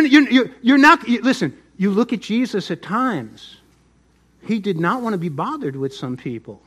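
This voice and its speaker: A middle-aged pastor preaching a sermon, swinging between loud emphasis and soft asides. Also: male voice, high-pitched, very animated, normal speed, husky.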